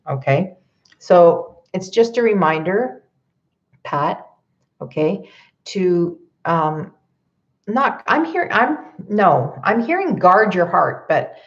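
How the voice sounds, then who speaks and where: A woman's voice: fairly low pitch, lo-fi sound. A woman healer doing a live card reading, advising viewers in a conversational way, often checking in with "okay?" and laughing lightly. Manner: laughs lightly between points.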